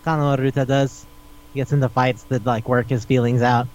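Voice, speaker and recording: Animated, swearing podcast guy, lo-fi. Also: medium pitch, brisk. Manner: animated, rambling, swears freely. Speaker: podcast co-host. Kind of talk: casual chat.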